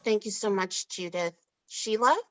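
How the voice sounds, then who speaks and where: A woman's voice: medium pitch, unhurried, a bit bright, rough recording. A woman moderating an online panel in a composed manner, introducing the speakers. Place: video call.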